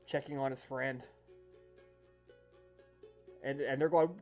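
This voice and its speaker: A man's voice: a little high, unhurried, pauses often, faint music behind. Man running a tabletop game. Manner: relaxed, breaks into loud shouted voices for villagers. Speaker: game master.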